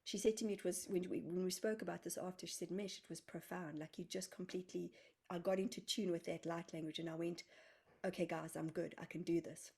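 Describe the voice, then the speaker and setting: A woman's voice: on the low side, fairly even intonation, brisk, a little mellow, husky. A woman from South Africa, a guest healer, telling a story in a casual interview and acting out her own quoted words with energy. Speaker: guest healer and spiritual medium.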